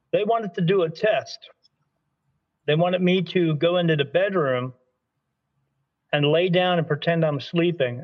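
A man's voice: on the high side, dull audio. A man from Delaware telling a story in conversation, acting out the dialogue and often restarting his sentences. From Delaware, USA. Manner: animated storyteller, acts out quoted dialogue, frequent restarts. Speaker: spirit medium.

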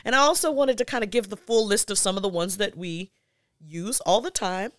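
A woman's voice: mid-range voice, brisk, dry recording, clean studio sound. A woman co-hosting a casual basketball podcast, chatty and laughing often, with many fillers. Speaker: podcast co-host. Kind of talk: casual chat.

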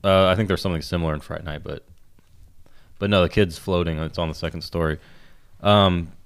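A man's voice: low voice, steady tone, brisk, clear, resonant tone. A young man chatting casually about a movie, rambling and swearing now and then.

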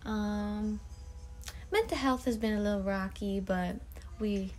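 A woman's voice: mid-range voice, slow pace, darkish tone. A young woman, a college soccer player, giving a casual life update on a podcast in a laid-back, musing way. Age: young adult. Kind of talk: casual chat.

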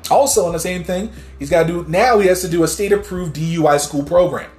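A man hosting a casual news commentary podcast, swearing freely and getting loud when worked up, who also reads news articles aloud with a few stumbles. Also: high voice, fast talker, echoey room, soft background music. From New Jersey. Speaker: podcast host.

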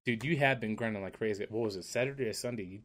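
A man co-hosting a podcast in casual chat, telling stories in an animated way. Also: fairly low pitch, very fast. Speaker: podcast co-host.

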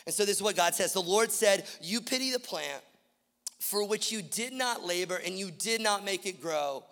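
High, gravelly preaching man. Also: lively intonation, moderate pace. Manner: impassioned, repetitive preaching that swings from hushed to loud. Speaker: pastor. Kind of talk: sermon. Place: church auditorium. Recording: long reverb of a large hall.

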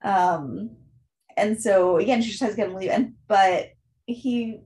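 A woman's voice: mid-range voice, unhurried, darkish tone. A woman co-hosting a casual book discussion, recapping the plot in a chatty way with many fillers. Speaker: book podcast co-host.

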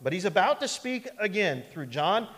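A male pastor with a high, fairly bright voice and wide pitch swings preaches at normal speed in a church sanctuary, keeping it conversational and folksy. He often calls for an amen, jokes as he goes, and slips into mock voices. The recording carries the long hall reverb of a church.

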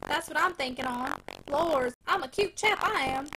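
A woman voicing a cheeky country packman who flatters in rustic dialect. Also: high-pitched, moderate pace, background noise. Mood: indignant. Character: sly flattering rural packman, cheeky young man.

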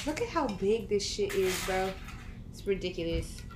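A woman's voice: medium pitch, animated, normal speed, noisy background. A young woman co-hosting a podcast, chatting casually and telling rambling stories while she eats. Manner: rambling storyteller, talks while eating. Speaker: podcast co-host. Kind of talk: casual chat. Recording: echoey room.

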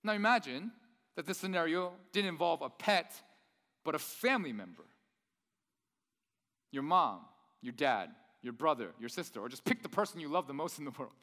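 High bright-voiced male preacher. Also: expressive, moderate pace, pauses often, big-room sound. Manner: conversational, asks the audience rhetorical questions. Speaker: pastor. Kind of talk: sermon.

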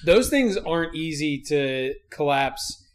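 A man's voice: on the high side, lively intonation, slow. A man co-hosting a podcast, joking and riffing on absurd bits in crude casual banter. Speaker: podcast co-host.

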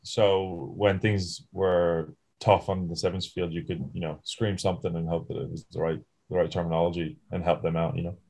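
A man's voice: low-pitched, normal speed, vocal fry. Man telling rugby stories. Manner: relaxed storytelling with frequent fillers and laughs. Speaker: podcast co-host, rugby sevens player. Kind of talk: casual podcast chat.

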